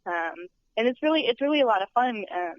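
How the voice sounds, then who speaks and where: A woman's voice: a little high, expressive, quick pace. A young woman working as a studio tour guide, chatting in a podcast interview in a bubbly way and laughing often. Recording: dull lo-fi podcast audio.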